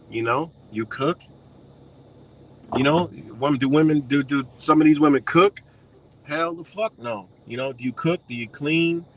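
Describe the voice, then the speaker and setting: A man's voice: mid-range voice, a little fast, fairly bright tone, slight background noise, low-quality recording. A man with a Western New York accent ranting casually to camera, blunt and profane, rambling with lots of fillers.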